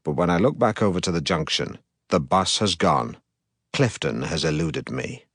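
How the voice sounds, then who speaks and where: A pompous middle-aged broadcaster, audiobook narration, deadpan and self-regarding, low voice, dry close sound. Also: male voice, normal speed, vocal fry, dry recording, full character voice.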